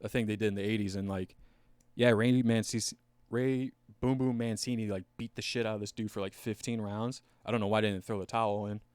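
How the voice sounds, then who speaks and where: A man co-hosting a podcast, talking in a casual, rambling, animated way with lots of filler words. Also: on the low side, a little fast, clean tone, no room sound. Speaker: podcast co-host. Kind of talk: casual chat.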